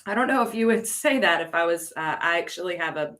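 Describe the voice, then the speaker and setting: A woman's voice: on the low side, animated, quick pace, fairly bright tone. An American woman coordinating an ESL program, teaching on a casual live stream, chatty, laughing often and answering viewers' comments.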